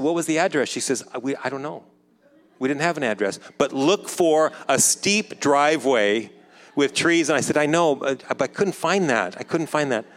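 A man in his fifties telling a personal story in a conversational way, acting out the dialogue and dropping softer when reflective. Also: mid-range voice. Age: 50s. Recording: long hall reverb.

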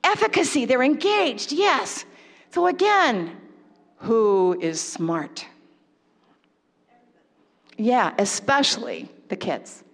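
A woman giving an animated lecture to a live audience and asking them questions. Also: a little high, slow, pauses often, in a large hall. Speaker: parenting workshop speaker.

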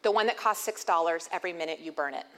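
A woman's voice: on the low side, fast talker. Woman in her thirties, candid self-deprecating storyteller on stage, long hall reverb, faint background noise. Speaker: speaker addressing an audience. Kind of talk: humorous inspirational talk.

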